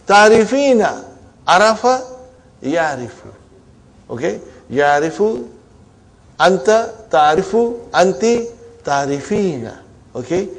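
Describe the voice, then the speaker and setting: Coaxing man teaching grammar. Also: on the high side. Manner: coaxing, repeats "huh?" and "are you with me" to check students; drills terms slowly, switches between English and Arabic. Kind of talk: classroom grammar lesson.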